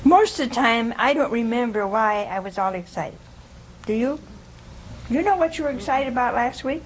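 A woman's voice: on the high side, animated, moderate pace, a little hiss or hum. Chatty woman teaching a live crowd. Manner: chatty, questions the listeners, humorous. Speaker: religious teacher. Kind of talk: informal talk to a live audience.

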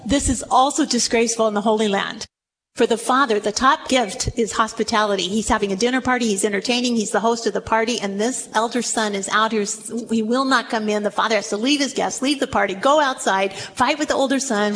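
A woman preaching a sermon to a room, retelling a story with animated delivery and acted-out quotes. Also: on the high side, fairly quick.

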